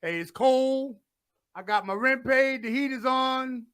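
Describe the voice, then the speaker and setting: A man talking casually as a guest musician, loud and blunt, with folksy sayings. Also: very high-pitched, measured pace. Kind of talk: casual chat.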